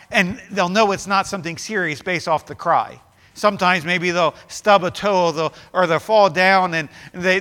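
Male pastor, high and bright, emphatic sermon delivery, long reverb of a church hall. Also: clean tone. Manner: rising to fervent, emphatic preaching with repeated phrases.

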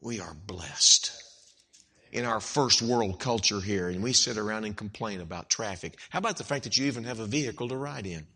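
A middle-aged man preaching a dramatic sermon, acting out the voices of the people he quotes and building to loud, emphatic peaks. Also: fairly low pitch, moderate pace, slightly rough. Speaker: pastor.

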